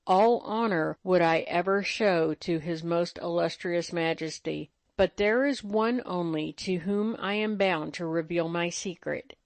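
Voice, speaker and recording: A man's voice: high voice, a little slow, hardly any pauses, dry recording. A woman reading a firm, noble knight. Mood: commanding. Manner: firm, commanding archaic speech. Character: noble knight hero, protective.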